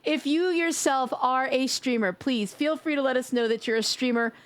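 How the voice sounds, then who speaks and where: A woman's voice: high-pitched, moderate pace. A young woman with a New York accent, chatting playfully on a live stream, joking, swearing and laughing often. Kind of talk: casual live-stream chat.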